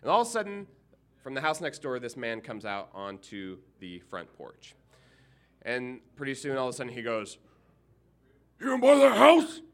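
A middle-aged man with a bright, clear voice tells a funny story from his own life. He is a minister, lively and animated, and slips into the voices of the people in the story. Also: mid-range voice, normal speed. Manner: animated, humorous, acts out characters. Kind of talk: personal storytelling.

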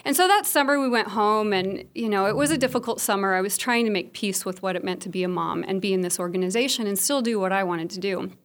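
A woman's voice: medium pitch, fast talker, hardly any pauses. A woman in her thirties telling a candid personal story about motherhood to an audience, frank and humorous, with a self-deprecating streak. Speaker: speaker sharing a personal story.

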